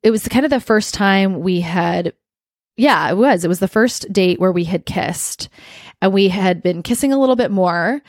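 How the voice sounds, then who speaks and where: A woman's voice: mid-range voice, expressive, normal speed, no echo, studio quality. A young adult woman hosting a podcast, telling a personal story in a candid, heartfelt way with lots of "like" fillers. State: emotional. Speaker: podcast host.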